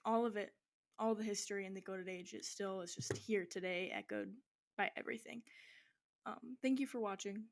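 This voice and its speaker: A woman's voice: mid-range voice, animated, normal speed. A young woman giving a school history presentation, talking casually with many fillers and restarts. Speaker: student presenter. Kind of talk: informal class presentation.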